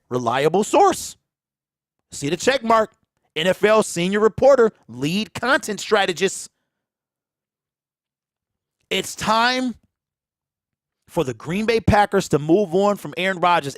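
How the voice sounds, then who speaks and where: In a dry recording, a high-pitched, slightly bright man with a Michigan accent hosts a sports talk show, ranting casually. Preachy in tone, he repeats phrases for emphasis while his close mic pops on plosives.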